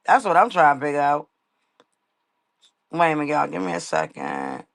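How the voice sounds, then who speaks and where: A woman's voice: low voice, wildly swooping pitch, moderate pace, creaky. A woman hosting a casual livestream rant, blunt and profane, repeating her points for emphasis. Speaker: livestream host. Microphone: laptop mic on a live stream.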